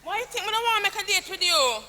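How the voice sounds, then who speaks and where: Actress as a teasing Jamaican mum, bright and lilting, big hall sound. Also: female voice, extremely high pitch, expressive, rapid-fire, a little hiss or hum, heavily acted. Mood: flirty. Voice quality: giggling, coy. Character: flirtatious giggly mother, middle-aged, teasing. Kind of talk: live stage comedy.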